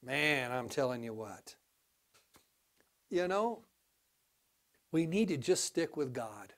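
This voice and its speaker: A male pastor preaching a sermon, telling a folksy story with big swings between quiet and loud. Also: medium pitch, big pitch swings, slow pace, pauses often.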